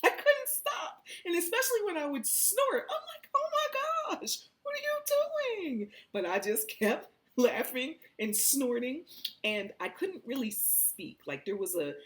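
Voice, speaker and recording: Animated giggly woman telling a story. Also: medium pitch. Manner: animated and giggly, acting out quotes. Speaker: vlogger telling a trip story. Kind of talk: casual storytelling to camera.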